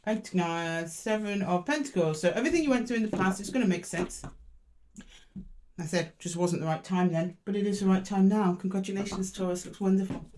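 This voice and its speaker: Affectionate woman, young adult, chatty tarot reader filmed at home, middle pitch. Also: brisk, darkish tone, slight background noise. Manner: chatty and affectionate, talking to viewers as "my loves". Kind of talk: casual tarot reading to camera. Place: room in a two-story house.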